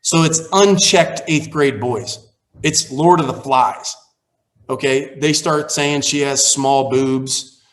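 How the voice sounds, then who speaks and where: A man's voice: mid-range voice, takes it slowly. Candid man in his forties, pastor. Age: 40s. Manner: candid, grows heated and animated while recounting. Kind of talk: casual storytelling on a training call.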